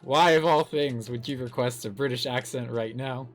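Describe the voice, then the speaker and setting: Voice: medium pitch, moderate pace, soft background music. A live streamer chatting casually over a game, giggling often, mocking themself and cursing casually. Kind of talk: casual gameplay stream chat.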